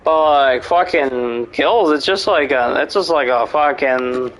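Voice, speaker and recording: Slow, rambling, cursing young-sounding man. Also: mid-range voice, a bit bright, slight background noise, poor audio. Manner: rambling, profane, full of fillers and restarts. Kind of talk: casual chat about horror movies.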